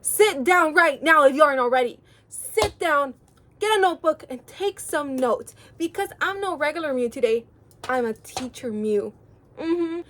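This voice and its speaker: A woman's voice: high voice, a little hiss or hum. A young adult woman giving a casual motivational vlog, playful and dramatic, bossing viewers like a mock teacher. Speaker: online content creator.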